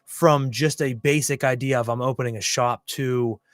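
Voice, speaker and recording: A man's voice: medium pitch, fairly even intonation, moderate pace, no room sound, clean studio sound. A man hosting a podcast interview, talking casually and emphatically with rambling asides. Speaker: podcast host.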